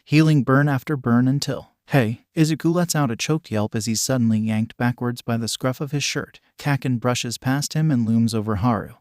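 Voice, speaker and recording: A man giving steady, scripted narration of a story. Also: medium pitch, moderate pace, few pauses, dry recording, clean studio sound.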